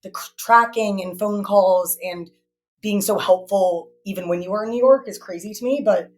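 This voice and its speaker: A woman's voice: mid-range voice, moderate pace, darkish tone. Young woman, podcast co-host, casual chat, supportive interjections. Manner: supportive, chiming in with short reactions.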